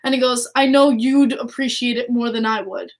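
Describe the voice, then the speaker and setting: A young woman chatting casually to her viewers, excitable and gushing, often restarting her sentences. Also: fairly high pitch, moderate pace. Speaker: hockey fan vlogger. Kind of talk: casual chat to camera.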